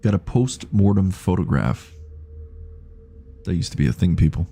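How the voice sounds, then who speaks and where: A man's voice: low-pitched, animated, normal speed, creaky, dark tone, slightly rough. A man with a Canadian accent streaming a game, chatting and thinking aloud as he reads on-screen prompts. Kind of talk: live gameplay commentary.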